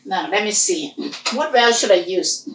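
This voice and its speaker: A woman teaching a language lesson, slowly repeating sounds and words for her students. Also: medium pitch, lively intonation, echoey room, far from the mic, background noise. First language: Hmong. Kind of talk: slow online language lesson.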